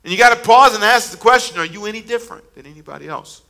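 Bright-voiced preaching man. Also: high voice, expressive, fast talker, creaky. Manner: preaching with dramatic swings between hushed and shouted lines. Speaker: pastor. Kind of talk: sermon.

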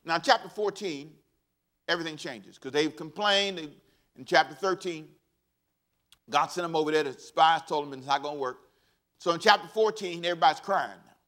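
With a voice on the high side, a male pastor preaches animatedly and folksily. He leads the congregation in call-and-response and laughs at the stories he tells.

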